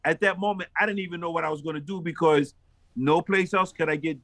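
Lively storytelling pastor, a man with a higher voice. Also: fast talker. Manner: lively storyteller who acts out dialogue with big jumps in pitch. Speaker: pastor and street minister. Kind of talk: animated storytelling in an interview.

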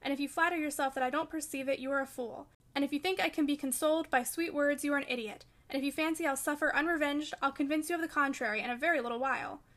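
A woman's voice: sits high, quick pace, hardly any pauses, fairly bright tone. A woman reading the part of a brooding, vengeful young man in an audiobook, with bitter, defiant lines.

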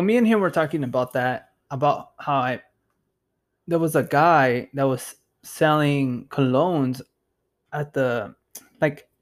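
A young man hosting a podcast, telling a rambling story in a loose, profane way, full of fillers and "dude". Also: fairly high pitch. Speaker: podcast host. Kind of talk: casual storytelling.

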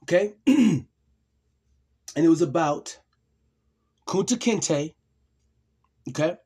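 A tearful man speaks straight to his viewers in an emotional monologue. His voice is husky, and he talks at a very slow pace, stressing and repeating short phrases. He keeps clearing his throat as he pushes on. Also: on the high side, expressive, warm tone. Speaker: vlogger.

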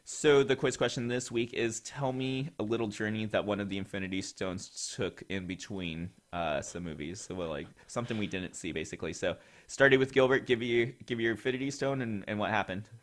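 A man's voice: on the low side, fairly quick, hardly any pauses, a bit bright. A man hosting a casual podcast, talking in a rambling way with many fillers. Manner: rambling, filler-heavy, laughs a lot. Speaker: podcast host.

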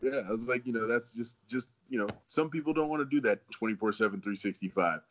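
A man's voice: mid-range voice, fast talker. A man in his forties, a former football player, chatting as a podcast guest and telling stories with frequent chuckles. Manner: relaxed storyteller, chuckling often. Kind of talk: casual podcast chat.

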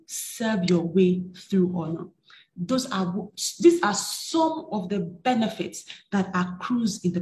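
A woman's voice: medium pitch, a little mellow, reverberant, slight background noise. A woman preaching a sermon, reading scripture and rising into emphatic bursts. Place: church.

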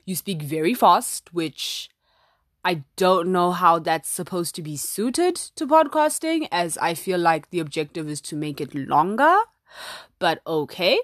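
A young woman hosts her first solo podcast, chatting casually and dramatically and filling her speech with "like." Her pitch is fairly low, she is very animated yet speaks a little slowly, and the phone-app recording has no echo and studio-quality sound.

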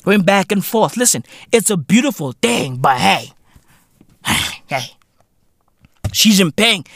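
A brash man rants through a comedy podcast, his speech laced with profanity. His pitch swings widely between low mutters and loud outbursts. The recording is dry and close-miked. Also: no room sound. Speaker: podcast host. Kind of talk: comedic rant monologue.

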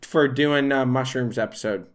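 A man's voice: mid-range voice, moderate pace, very noisy. A man co-hosting a podcast in casual chat, laughing easily and swearing casually. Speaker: podcast co-host.

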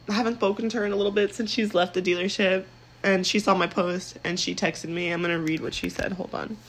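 A woman's voice: fairly low pitch, fairly bright tone, poor audio. A young woman hosting her own podcast, chatting candidly and casually, swearing freely and saying "like" a lot. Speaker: podcast host. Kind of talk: casual solo podcast chat.

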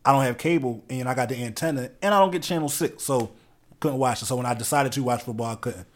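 A man's voice: medium pitch, quick pace. Profane laid-back man chatting. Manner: loose, profane, joking banter. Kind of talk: casual chat.

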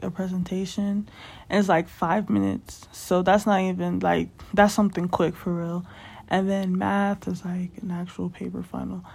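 A young woman talks through her own podcast at an unhurried, drawn-out pace. Her speech wanders from thought to thought, padded with "like" and "um". The tone is loose, personal chat rather than anything scripted. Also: mid-range voice, creaky, darkish tone. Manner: rambling, chatty, filler-heavy with frequent "like" and "um". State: slightly out of breath. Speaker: podcast host. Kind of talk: casual solo podcast chat.

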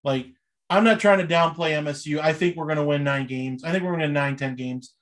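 A man's voice: on the high side, fast. A young man co-hosting a casual podcast, chatting loosely about sports and movies and laughing often. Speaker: podcast co-host.

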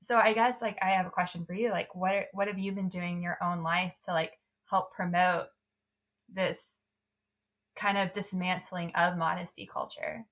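Soft-spoken woman interviewer, lowish voice. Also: steady tone, moderate pace. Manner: hesitant, filler-heavy questioning. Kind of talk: conversational interview.

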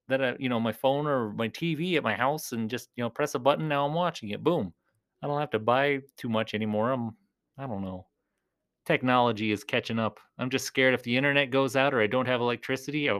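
A man's voice: mid-range voice, a bit bright, clean tone. A man hosting a collecting vlog as a clown persona, rambling casually and talking straight to his viewers. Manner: chatty, rambling, talks to viewers as "you guys". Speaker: clown character host of a collecting show.

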